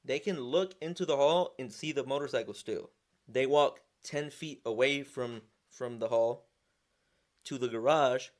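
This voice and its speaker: A young man telling a story casually, animated and slangy, often restarting and repeating words. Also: medium pitch, unhurried. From Southern California. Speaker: vlogger, sponsored motorcycle rider.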